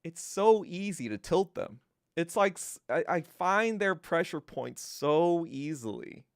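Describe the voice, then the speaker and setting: A man's voice: on the high side, a little slow, clear, resonant tone, no room sound, clean studio sound. A middle-aged male podcast host in a profane, mocking monologue, telling stories and ranting. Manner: profane, mocking, animated storytelling.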